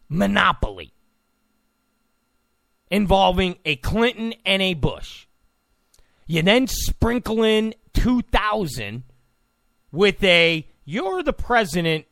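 A man's voice: sits high, fairly bright tone, dry recording, clean studio sound. A man delivering a political opinion monologue in an emphatic, repetitive, ranting way. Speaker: political commentator.

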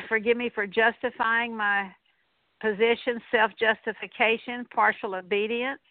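A woman with a fairly high voice leads a deliverance prayer in earnest, repeated declarations. The sound is tinny and narrow, like an old radio broadcast, close and dry with no room around it. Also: fairly even intonation, unhurried, no echo. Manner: earnest, repetitive declarations, occasional fillers. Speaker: radio minister.

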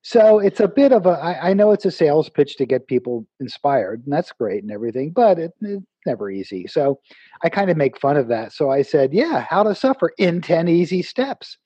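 A man being interviewed as an author tells a story animatedly, acting out the lines of the people in it. His voice is a little high and fairly quick with a breathy edge, and the recording has no echo, with the highs cut off.

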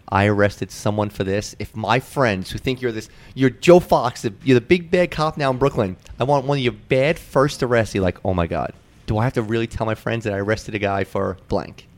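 A man's voice: fairly low pitch, brisk, few pauses. A male podcast host asking jovial, joking questions of his guest. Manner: jovial, laughing, leading questions. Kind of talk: casual interview chat.

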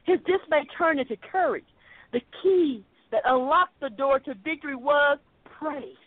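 A woman's voice: sits high, measured pace, no room sound. A woman preaching a sermon over a phone call, fervent and rhythmic, repeating her phrases. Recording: tinny phone line.

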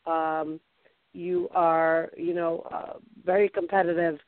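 A woman host with a Boston accent, chatting effusively in an interview, halting often with fillers. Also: fairly low pitch, flat delivery, no echo. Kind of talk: casual interview chat. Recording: tinny phone line, dry.

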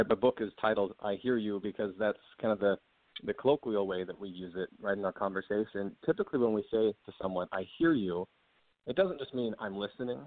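A man's voice: fairly low pitch, dry recording. A man, an author, explaining his ideas as an interview guest in an earnest way and laughing easily. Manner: earnest, quick to laugh, acts out example dialogue. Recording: dry, tinny phone-like line.

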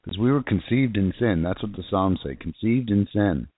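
A man's voice: lowish voice, animated, normal speed, dry recording. A man preaching an informal, fervent sermon that rambles, with frequent restarts and repeated phrases. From South Florida. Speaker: internet radio preacher. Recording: tinny phone-line sound.

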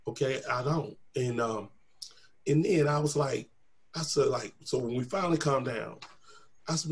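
A middle-aged man with a medium-pitched voice and a moderate pace tells a personal testimony. He is animated, acting out the voices of the people in his story.

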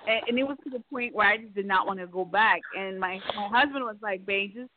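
A woman's voice: medium pitch, noisy background. A woman co-hosting a casual chat show, telling a story with many fillers and restarts. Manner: halting, filler-heavy storytelling. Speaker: co-host. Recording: tinny phone-like sound.

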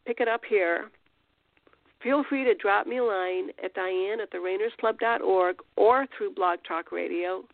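A woman's voice: medium pitch, a little slow, gravelly, no room sound. Woman host on a tinny phone line. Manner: conversational, rambling with restarts and fillers. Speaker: podcast host. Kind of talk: informal spiritual teaching.

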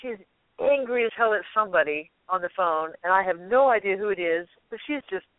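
A woman guest telling a story in a lively way, laughing often and acting out what people said. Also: mid-range voice, a little fast, no room sound. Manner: animated, laughs often, acts out quotes. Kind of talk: casual storytelling. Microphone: telephone. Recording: tinny dry phone line.

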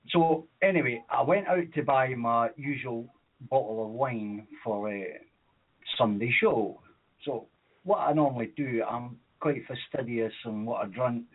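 A man's voice: medium pitch, slightly rough. Man calling in, tinny phone line. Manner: rambling, chuckling, frequent uh fillers. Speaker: caller. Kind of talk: casual call-in storytelling.

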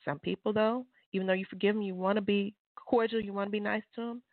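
A woman, an author and guest, giving fervent, preachy testimony on a call-in show, leaping into high exclamations. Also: steady tone, quick pace, no room sound. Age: adult mother. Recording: tinny phone line.

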